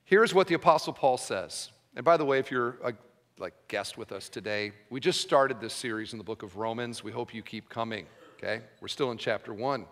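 A man's voice: mid-range voice, brisk, fairly bright tone. A man preaching a sermon as pastor, teaching conversationally and checking in with the congregation with frequent "okay?". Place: church sanctuary. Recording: long church hall reverb.

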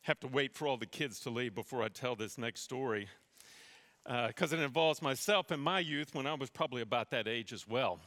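A man's voice: medium pitch, fairly quick, a bit bright, long reverb tail. A man preaching a sermon in a church, telling a personal story with self-deprecating humor before teaching from scripture. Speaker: pastor. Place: church sanctuary.

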